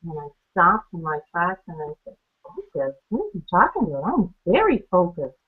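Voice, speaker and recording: A woman's voice: on the low side, sing-song, fairly quick, breathy edge. Chatty woman on a phone line. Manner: chatty, laughs often, acts out quoted exchanges. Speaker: guest speaker on a training call. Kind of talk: personal testimony.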